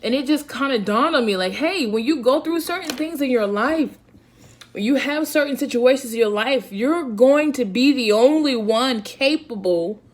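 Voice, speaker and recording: A woman, a Christian speaker, giving a casual devotional talk in a lively, conversational and slangy way, often checking in with "right?". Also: high-pitched, moderate pace.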